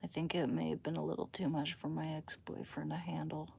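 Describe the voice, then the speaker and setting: Her voice is deep, gravelly, and slightly rough, with a level tone and a fairly quick pace. A young adult woman, she chats casually on a late-night livestream from home, rambling playfully into her phone and often going hushed so her family stays asleep.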